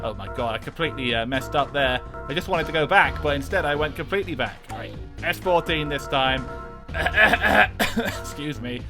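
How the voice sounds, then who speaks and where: A man's voice: a little high, moderate pace, over music, close to an everyday voice. A man putting on a jokey Cockney accent while streaming a racing game, with hammy, boisterous banter. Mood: cheeky. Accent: put-on Cockney.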